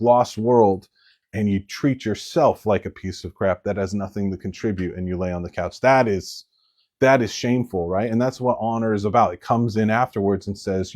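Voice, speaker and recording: A man's voice: medium pitch, a little mellow. Blunt, conversational male preacher. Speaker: pastor. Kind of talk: sermon.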